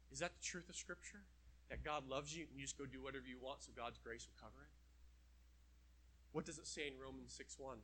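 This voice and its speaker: A man's voice: on the high side, bright, forceful tone. A man preaching a sermon, acting out quoted voices and dropping to a near whisper at times.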